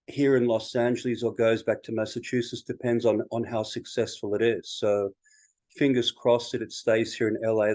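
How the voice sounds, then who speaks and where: A man's voice: mid-range voice, a little mellow, no echo. A man speaking as a panelist on a video call, hesitant, repeating words and restarting phrases. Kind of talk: casual conversational update on a video call panel. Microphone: video call microphone.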